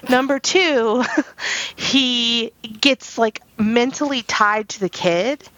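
A woman's voice: a little high, takes it slowly, dull audio. A woman in her late thirties co-hosting a podcast, telling stories in casual chat with frequent giggles. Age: late 30s. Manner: giggly, animated storyteller; self-described anxious. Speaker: podcast co-host.

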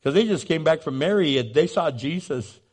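Man, pastor, sermon, high-pitched, animated, playful storytelling. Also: normal speed. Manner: animated, jokey, acts out scenes.

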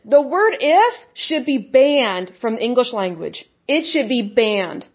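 A woman's voice: on the high side, big pitch swings, unhurried, hardly any pauses, breathy edge, lo-fi sound. A woman delivering an impassioned sermon, blunt and scornful, mocking the views she rejects. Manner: blunt, scornful, mocks opponents in put-on voices. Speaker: preacher. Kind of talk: impassioned religious monologue.

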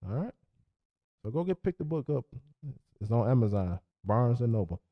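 Male podcast host, loose slangy sign-off, lively and animated. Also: medium pitch, normal speed, muffled recording. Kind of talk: casual sign-off monologue. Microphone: podcast mic.

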